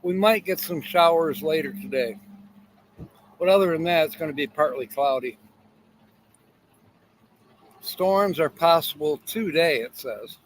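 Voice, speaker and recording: A man's voice: fairly high pitch, measured pace, long pauses, a little hiss or hum, low-quality recording. Chatty man hosting a morning livestream. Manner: rambling, greets viewers by name, pirate greeting; talks while eating. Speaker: livestream host. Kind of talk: casual live chat.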